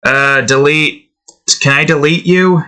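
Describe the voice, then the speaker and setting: A game developer vlogger thinks aloud while editing sound effects for his game, rambling, cutting himself off, and chuckling. His voice is fairly high, steady, and slow, with a bright, forceful, clear, resonant tone.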